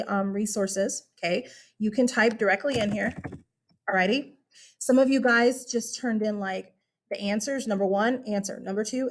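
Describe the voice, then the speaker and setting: A woman teacher walks her students through an online class in a relaxed, chatty way, with plenty of fillers and an upbeat tone. Her voice sits a little high. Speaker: high school history teacher. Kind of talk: casual online class instruction.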